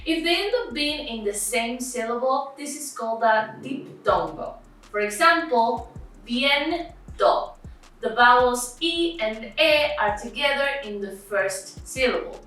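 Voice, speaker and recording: Argentinian lady tutor explaining spanish, high-ish bright voice, clear and patient. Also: animated, very echoey, recorded from a distance, low-quality recording. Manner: clear, explanatory, spells out examples slowly. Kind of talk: online language lesson.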